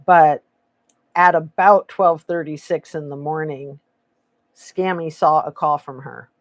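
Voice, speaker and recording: A woman's voice: low-pitched, slow pace, no room sound. Sarcastic woman streamer, dry close sound. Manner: sarcastic, opinionated, reads chat aloud. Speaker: true crime commentary host. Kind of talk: casual live-stream commentary.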